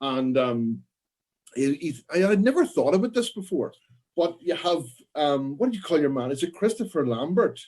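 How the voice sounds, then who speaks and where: A man co-hosting a live panel podcast, telling anecdotes in a loose, swearing, animated way. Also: a little high, moderate pace. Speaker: podcast co-host. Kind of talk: casual panel chat.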